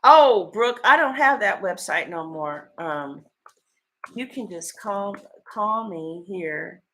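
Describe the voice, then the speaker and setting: A woman tarot reader in a casual livestream, telling stories in an animated, blunt way and swearing freely. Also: mid-range voice, takes it slowly.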